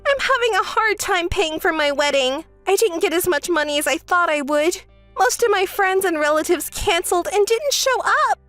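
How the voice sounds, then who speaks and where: A woman doing a shrill, whiny, begging sister. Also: lively intonation, moderate pace, fairly bright tone, no room sound, soft background music. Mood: complaining. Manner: desperate and begging. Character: whiny, pleading younger woman in a texting story. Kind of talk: dramatized texting-story reading.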